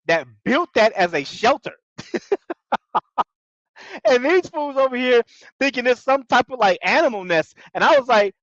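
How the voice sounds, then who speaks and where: A man's voice: high-pitched, big pitch swings, moderate pace, fairly bright tone, dry recording. A man casually recapping a reality show in slangy talk, laughing often. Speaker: TV show reviewer. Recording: dull lo-fi dry audio.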